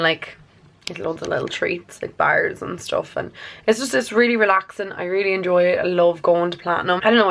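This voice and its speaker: A woman's voice: lowish voice, fairly bright tone. A woman in her twenties, a vlogger chatting casually to camera, rambling and filling her talk with "like". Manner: chatty, rambling, says "like" a lot.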